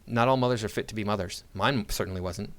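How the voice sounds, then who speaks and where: A man's voice: lowish voice, fast, soft background music. An American man commenting on a video in a sarcastic, argumentative way, with frequent restarts. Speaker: online commentator.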